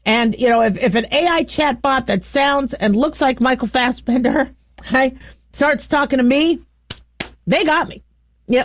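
A middle-aged woman hosting a casual commentary, talking in a chatty, animated way with frequent laughs and restarts. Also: high voice. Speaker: host.

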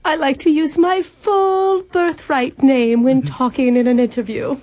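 A radio host voicing a pompous fake-posh English woman in a prank call, with an affected, drawn-out way of talking. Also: high-pitched, steady tone, darkish tone, pitched below the performer's own voice. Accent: put-on English.

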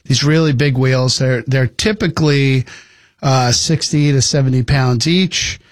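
A man's voice: mid-range voice, a little slow, no room sound. A man co-hosting a casual chat, explaining a cooking technique at length in an easygoing way. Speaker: podcast co-host.

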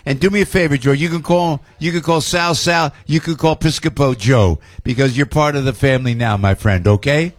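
An older man hosting a radio show, talking in loud, animated banter full of laughs and shouts. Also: a little high, a little fast, hardly any pauses, dry recording. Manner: excitable, shouting and laughing, New York showman banter. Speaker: radio host.

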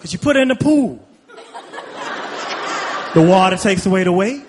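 A man's voice: sits high, expressive, normal speed, noisy background. A stand-up comedian from Chicago, a man, talking loosely and chattily to the crowd. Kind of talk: stand-up set to a live crowd. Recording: live club with reverb and crowd.

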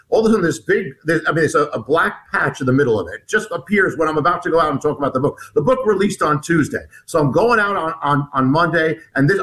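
A man, an author appearing as a guest, recounting a personal story in an interview, halting with frequent restarts and repeated words. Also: on the high side, fairly bright tone, rough recording.

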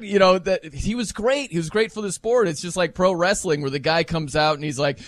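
A man hosting a casual sports talk show, chatting with animated energy and breaking into playful mock voices. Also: high-pitched, a little fast, hardly any pauses, no echo, clean studio sound. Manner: animated, mimics wrestling announcers for laughs.

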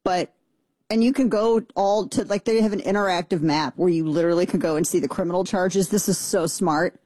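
An excitable talk show host riffs through casual comedic commentary, jumping high in pitch whenever the excitement is put on. The voice is mellow and dark in tone, recorded dry and close with no room sound. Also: a little fast, no echo. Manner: excitable, jokey, leaps up in pitch when mock-excited.

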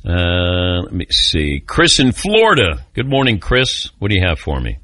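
A middle-aged man hosts a talk radio show, joking at his own expense and trading quick banter with callers and his crew. His voice is bright and animated, rising and falling freely. The studio sound is dry, with no room echo. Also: low voice. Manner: joking, self-mocking, quick back-and-forth. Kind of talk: casual talk radio chat.

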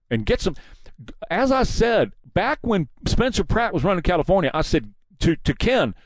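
A man's voice: sits high, no echo. A man hosting a combative, mocking political commentary monologue.

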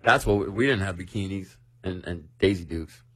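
A middle-aged man hosting a show, telling stories and steering the segment in casual banter. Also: deep voice. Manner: leads the segment, quick storytelling. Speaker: radio show host.

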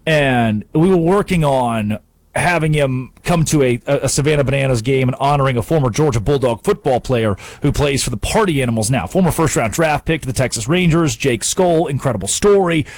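Animated, emphatic sports radio host, man. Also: mid-range voice, brisk, no echo. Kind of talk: sports talk radio monologue.

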